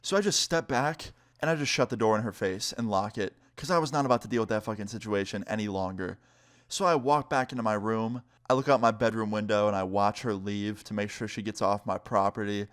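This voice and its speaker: A young man in his twenties telling a casual story time vlog, animated and swearing, speeding up and slowing down. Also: on the low side.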